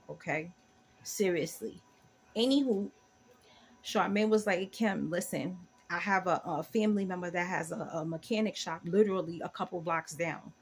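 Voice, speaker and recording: A woman's voice: medium pitch, breathy edge. A woman in her forties with an African American English accent, casually telling a story to her viewers and acting out the dialogue. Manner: chatty, animated retelling with quoted dialogue. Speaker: vlogger.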